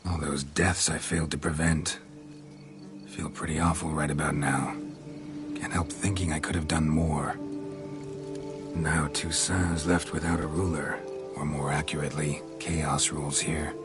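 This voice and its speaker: An actor playing a weary, gruff male monster hunter in a video game, speaking in clipped, dry, low-key lines. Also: level tone, a little slow. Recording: game audio with music underneath. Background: music.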